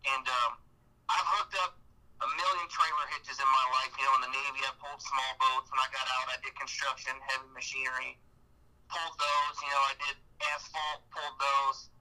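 A man from Ohio telling casual stories on a podcast, with lively acted-out quotes. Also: mid-range voice, moderate pace, rough recording. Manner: animated storyteller with laughs and acted-out quotes. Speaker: guest hunter. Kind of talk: casual storytelling.

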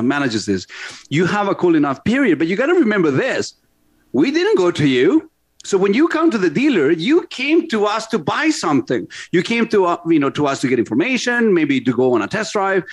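Talk show host guy, bit high voice, leans hard on each point and repeats it. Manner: emphatic, drawn-out, repeats points.

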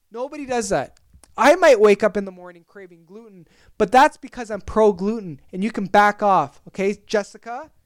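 A young adult podcast host on a comic solo rant, talking in an exaggerated, animated way and swearing freely. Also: medium pitch, clear, resonant tone, dry recording.

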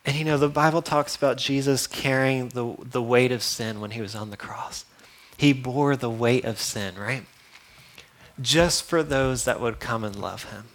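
A man preaching a sermon, earnest and teasing with sarcastic asides and chuckles, swinging from loud emphasis to hushed lines. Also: medium pitch, measured pace.

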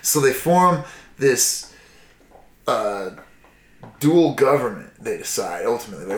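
A man's voice: mid-range voice, very animated, measured pace, long pauses. Tipsy man rambling through history, roomy echo. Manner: profane, rambling, acts out voices. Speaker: storyteller in casual chat. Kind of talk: casual drunken history chat.

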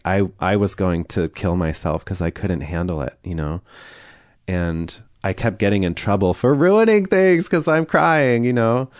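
A deep-voiced man with a low pitch and darkish tone shares a personal story frankly in a podcast interview. He acts out quoted dialogue and breaks things up with uneasy laughs. The setting is dry, with no echo from the room.

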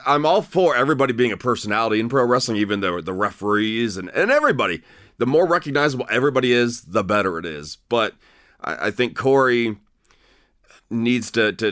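A man's voice: medium pitch, no echo, studio quality. A man hosting a podcast, talking through a wrestling review in a casual, opinionated way with lots of restarts. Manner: animated, opinionated, frequent restarts and fillers. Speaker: podcast host.

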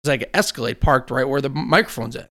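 A man in casual chat, telling long animated stories and swearing freely. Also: medium pitch, fast talker.

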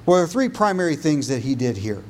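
A man preaching a sermon as pastor, building on repeated phrases and dropping low and soft for emphasis. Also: very animated, fast, slight background noise.

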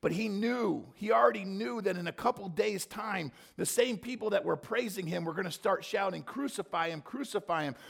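A man preaching a sermon, swinging from quiet reflection to impassioned, near-shouted emphasis. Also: high voice, moderate pace, vocal fry, hardly any pauses. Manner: impassioned, rising to near-shouting when voicing scripture. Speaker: pastor.

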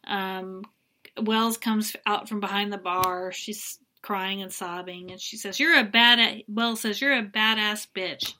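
A woman's voice: mid-range voice, steady tone, slow pace, bright, forceful tone. A middle-aged woman co-hosting a podcast, chatting casually and giving opinionated recaps read from her notes. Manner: chatty, opinionated, reads from notes, bursts into dramatic impressions. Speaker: podcast co-host recapping a reality show. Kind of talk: casual chat.

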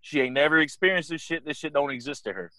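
On a casual podcast he co-hosts, a young man tells a story with animated, profane energy, impersonating the voices of the other people involved. His voice sits on the high side, he talks quickly, and there is no echo.

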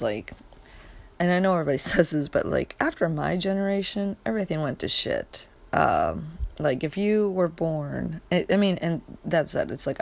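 A sleepy young woman rants on in a low, gravelly voice. She rambles through fillers and restarts, drops curses, and trails off as she yawns. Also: darkish tone. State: sleepy, yawning. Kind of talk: casual rant monologue.

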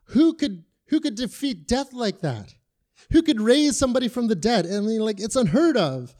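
A man's voice: extremely high pitch, very animated, moderate pace, a little mellow. A man giving a casual, conversational sermon full of rhetorical questions and fillers. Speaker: preacher.

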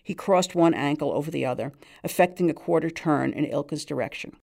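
A woman reads a literary short story aloud. Her narration is measured and even, with a gravelly texture to the voice. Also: sits low. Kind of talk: literary reading.

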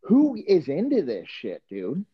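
A man's voice: fairly high pitch, wildly swooping pitch, measured pace, lo-fi sound, a crowd in the background. A man, a podcast co-host and former football coach, telling crude stories in casual chat with many restarts.

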